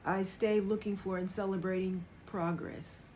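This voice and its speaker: Warm and mid-range, this woman's voice keeps a fairly even intonation and a measured pace, with a little hiss or hum in the background. Hosting a livestream, she casually and frankly reflects on her own experience, acting out quoted lines in changed voices.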